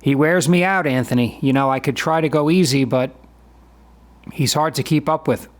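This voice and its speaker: Here a man in his fifties speaks on the high side at normal speed, narrating a voice-over for a video of his grappling sparring. He explains his own footage in a conversational, down-to-earth way.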